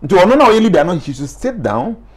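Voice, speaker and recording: A man with a Ghanaian accent, speaking as a life coach in an animated interview and mixing English with Twi phrases. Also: high-pitched, quick pace, a crowd in the background.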